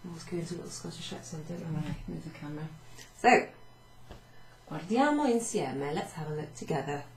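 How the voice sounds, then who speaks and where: A Welsh woman language teacher talks through a recorded class summary at a whiteboard in a home room, chatty and self-mocking as she walks through Italian phrases. Her low voice is brisk with lively intonation, but the camera across the room gives poor, reverberant audio with a little hiss or hum.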